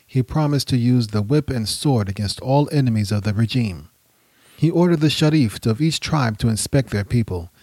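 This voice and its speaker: A man's voice: mid-range voice, a little mellow, dry recording. Man narrating history dramatically. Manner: measured, dramatic storytelling. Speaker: podcast narrator.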